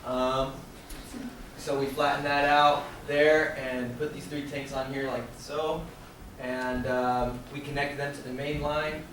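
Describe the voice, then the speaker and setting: A young man giving a casual slideshow presentation as a student presenter, relaxed and rambling with lots of fillers and restarts, recorded in a very echoey room from a distant mic. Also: mid-range voice, takes it slowly, slight background noise. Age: young adult.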